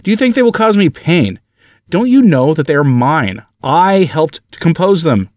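A man voicing a mocking, sneering male devil in a narrated story, pitched up and louder than his narration. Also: big pitch swings, moderate pace, dry recording, clean studio sound. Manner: taunting, gleeful.

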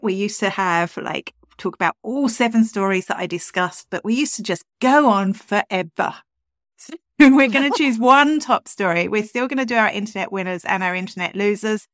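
A woman's voice: medium pitch, no room sound, clean studio sound. Chatty woman co-hosting a podcast. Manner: chatty, upbeat, laughs while talking. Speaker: podcast co-host. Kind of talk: casual chat.

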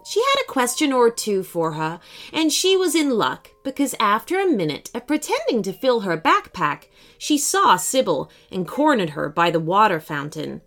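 Animated woman reading a children's story. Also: medium pitch, moderate pace. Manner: expressive and animated.

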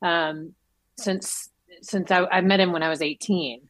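Actress guest, woman, lively storyteller, dry close mic. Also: unhurried, no room sound. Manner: animated, acts out quotes with big pitch jumps. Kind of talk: casual interview chat.

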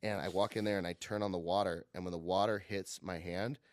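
A young man telling a story in casual chat, animated and profane, laughing often. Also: low voice, a little fast, no echo, clean studio sound.

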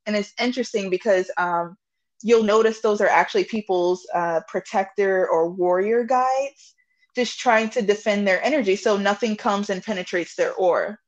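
A woman guest on a podcast, chatting casually about spiritual readings in an animated way, swearing freely and laughing often. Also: medium pitch, moderate pace, lo-fi sound. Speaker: podcast guest, intuitive reader.

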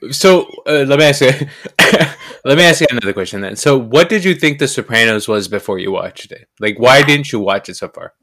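A man's voice: mid-range voice, animated, a little fast, fairly bright tone. A man from North Jersey, a guest on a podcast, chatting casually as an eager, teasing fan who asks questions. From North Jersey, USA. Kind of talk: casual chat.

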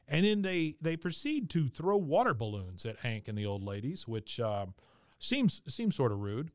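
A man's voice: mid-range voice, big pitch swings, moderate pace, clear, resonant tone, no echo, studio quality. A man hosting a podcast, casually recapping a cartoon episode in a rambling way, with lots of fillers and goofy voices for the quotes. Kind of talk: casual chat.

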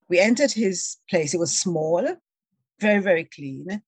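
A woman telling a personal travel story in a conversation, lively and laughing, acting out the voices of the people she quotes. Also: on the low side, moderate pace, slightly rough, no echo. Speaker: guest.

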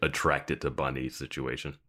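A man's voice: a bass voice, flat delivery, moderate pace, sharp tone. A man co-hosting a podcast, casually reacting to a TV episode with amused, rambling commentary. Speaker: podcast co-host.

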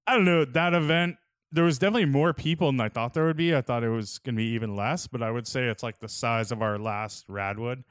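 A young man chats casually and tells stories in a loose, laid-back way. His voice is smooth and clear, at a middle pitch, recorded close and dry with no room sound. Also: fast, no room sound. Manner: laid-back storytelling, lots of "like" and "dude". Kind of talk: casual chat.

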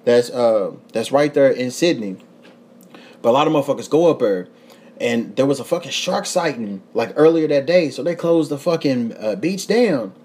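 A young man, a podcast host telling a profane, animated travel story in casual chat, laughing often. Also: medium pitch, moderate pace, slightly rough. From United States.

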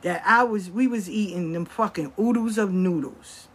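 A middle-aged woman tells stories from her own life in blunt, profane casual talk, doing the voices of the people she quotes. Her voice is mid-range and slightly rough, at a moderate pace.

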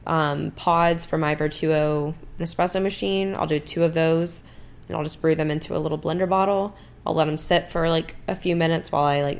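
A woman's voice: low-pitched, gravelly. A young woman chatting casually about her daily routines, filling her talk with "like" and "um". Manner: chatty, many "like" and "um" fillers. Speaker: lifestyle vlogger. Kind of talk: casual chat.

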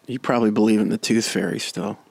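A man's voice: lowish voice, steady tone, fast talker, vocal fry, dry recording. A man co-hosting a golf podcast, teasing his co-host in joking banter. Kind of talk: casual chat.

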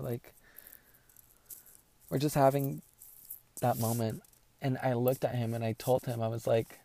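A man's voice: mid-range voice, steady tone, moderate pace, pauses often, dark tone. A young man hosting a podcast, telling a personal story in a candid, rambling way with lots of swearing and emotion. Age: young adult. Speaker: podcast host.

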